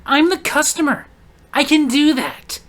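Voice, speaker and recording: A man's voice: very high-pitched, a little slow, a bit bright, voice pushed up. A man putting on the voice of a rude, entitled woman shopper who talks in a haughty, dismissive way. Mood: snippy.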